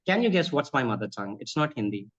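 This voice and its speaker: A Bhojpuri-speaking man who trains people in spoken English and accents answers interview questions conversationally, his mid-range voice quick, sing-song and a bit bright. Earnest and advisory, he keeps saying ma'am to her. The recording is slightly dull and lo-fi.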